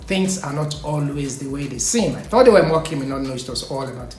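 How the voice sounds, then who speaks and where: A man's voice: medium pitch, brisk. Man telling a story in an echoey room. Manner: animated, laughs often, trails off with "you know". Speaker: vlog host telling a personal story. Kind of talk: casual storytelling. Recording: echoey room, faint music.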